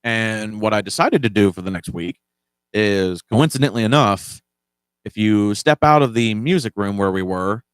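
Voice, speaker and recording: A man's voice: lowish voice, clean tone, dry recording. A man hosting a casual storytelling podcast, talking loosely and acting out the dialogue he quotes. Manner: conversational, acts out quoted dialogue. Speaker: podcast host.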